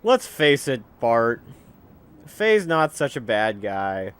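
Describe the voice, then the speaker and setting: A man giving casual, jokey commentary over a video game he is playing, talking freely and breaking into loud excited outbursts. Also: mid-range voice, slow pace, clear, resonant tone. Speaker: let's play commentator.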